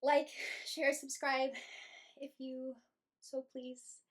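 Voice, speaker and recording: A young adult woman, a medium, telling an emotional personal story to her viewers in a slow, heartfelt way. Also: high-pitched, flat delivery. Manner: slow, emotional, breathy with feeling, laughs between phrases. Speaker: medium and channel host.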